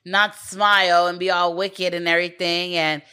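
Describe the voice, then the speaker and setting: Bright-voiced woman in casual chat. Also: on the low side, flat delivery, moderate pace, clean tone. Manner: rambling retelling with fillers and quoted dialogue. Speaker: co-host recapping a film.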